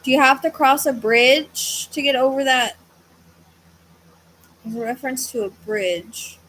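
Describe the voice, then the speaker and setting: A woman's voice: sits high, unhurried, fairly bright tone, a little hiss or hum, rough recording. A woman hosting a live psychic reading, thinking aloud in a hesitant, searching way and sounding tired. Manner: hesitant, searching, trailing off into self-corrections. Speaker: psychic medium host.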